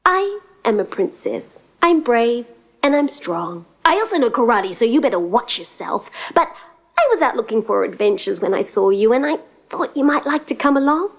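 A woman's voice: on the high side, sing-song, normal speed. A woman voicing a brave young princess in a told fairy tale, boastful and playful. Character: bold brave young princess who knows karate.

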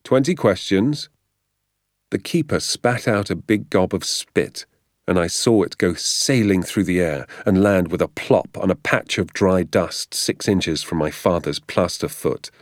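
A man reads a storybook aloud in a measured, even manner, voicing each character's lines himself. His voice is deep and sits close to the mic in a dry, deadened recording. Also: dry recording. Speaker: narrator. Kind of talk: storybook audiobook reading.

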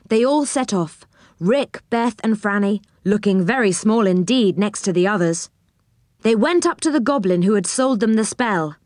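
A woman reading a children's chapter book aloud, gently and expressively. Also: medium pitch, no echo, clean studio sound. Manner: slow, gentle, expressive reading with voices for characters. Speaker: storybook reader.

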